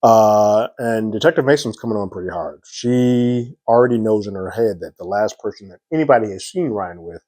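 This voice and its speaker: A man's voice: lowish voice, animated, normal speed, few pauses, darkish tone, no room sound. A man casually recapping and reviewing a TV episode, retelling scenes loosely with frequent fillers. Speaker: TV series reviewer.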